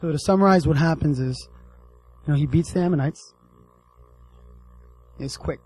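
A man's voice: on the high side, normal speed, husky, rough recording. A man giving a casual sermon as a youth pastor, joking and calling out to his listeners. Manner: animated, joking, addresses the audience directly.

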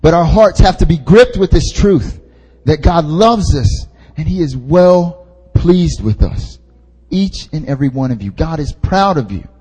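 A man's voice: a little high, lively intonation, unhurried, warm tone, slightly rough. A young man, an intern pastor, preaching at a prayer meeting in a casual, joking way, repeating his key points for emphasis. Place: church hall. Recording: long hall reverb.

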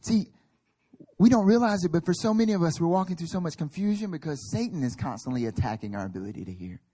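A man's voice: a little high, animated, quick pace, dark tone, husky. A male pastor preaching a sermon at a church service, emphatic and building in intensity, acting out little quoted voices.

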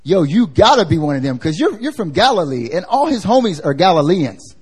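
A man's voice: high-pitched, big pitch swings, a little fast, a little mellow, husky, pitched above the performer's own voice, full character voice. A man doing a slangy, blunt bystander. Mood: accusing.

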